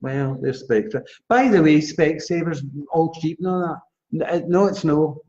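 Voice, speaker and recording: Scottish male psychic host, chatty live stream, higher mellow voice, lo-fi sound. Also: normal speed. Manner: chatty, animated, addresses viewers by name. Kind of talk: live-stream readings chat. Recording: dull lo-fi livestream audio.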